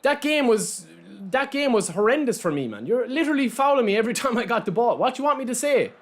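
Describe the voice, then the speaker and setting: An Irish man streaming a football game, talking casually and answering his viewers directly. His voice sits high for a man and swings widely in pitch. He speaks in a loose, conversational way. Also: very animated, fast. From Ireland. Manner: talks straight to chat, reads out and answers viewers' messages. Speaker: gaming streamer. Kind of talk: casual live-stream chat while playing.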